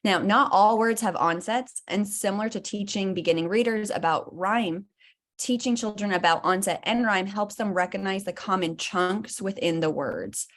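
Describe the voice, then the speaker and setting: A woman's voice: medium pitch, normal speed. Woman presenter explaining teaching terms. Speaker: conference presenter. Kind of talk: presentation talk.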